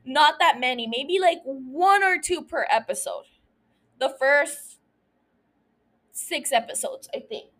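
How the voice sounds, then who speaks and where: Slow-talking, high-voiced woman ranting. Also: animated, a bit bright. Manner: emotional, swears freely, ranting. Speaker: podcast host. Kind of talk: casual recap podcast.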